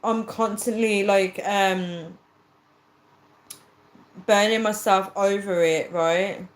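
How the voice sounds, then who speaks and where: A woman tells a story on her livestream in a casual, chatty way. She acts out each line of the conversation, and her voice sits at an ordinary middle pitch. The sound has a roomy echo around it. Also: fairly even intonation, takes it slowly. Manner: chatty storyteller acting out quoted dialogue, earnest. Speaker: livestreamer reading viewer comments.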